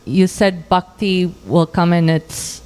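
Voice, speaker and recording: A woman's voice: fairly low pitch, steady tone, slow pace, darkish tone, smooth, in a large hall, rough recording. A woman in the audience asking a hesitant question with fillers.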